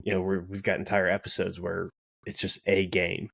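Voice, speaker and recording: A man who is a podcast guest, talking in a measured, thoughtful casual chat with some restarts. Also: low voice, flat delivery, creaky, a bit bright, husky, no room sound, studio quality. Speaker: podcast guest, sports commentator.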